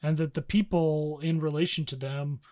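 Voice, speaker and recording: A young man co-hosting a podcast, recapping a story in a casual, slangy way and slipping into quick character voices. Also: fairly high pitch, fairly even intonation, a little mellow. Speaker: podcast co-host.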